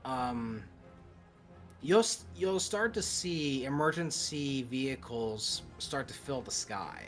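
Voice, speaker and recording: A man's voice: medium pitch, animated, takes it slowly, soft background music. A man narrating as game master of a tabletop role-playing game, loose and hesitant with fillers.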